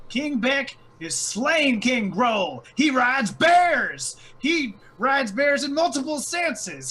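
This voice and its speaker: A man voicing his character speaking in goblin, loudly proclaiming a new king and ordering others back to work. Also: extremely high pitch, pitched above the performer's own voice, exaggerated voice. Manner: brash, drawling, bossy. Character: male character boasting loudly in goblin tongue.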